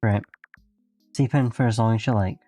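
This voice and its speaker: A man plays a doting, theatrical friend from a visual novel, speaking lower in a grand, affectionate way. The recording is dry and close, with faint music behind it. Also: fairly even intonation, normal speed, mellow, dry recording, natural voice. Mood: soothing. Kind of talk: reading a visual novel aloud.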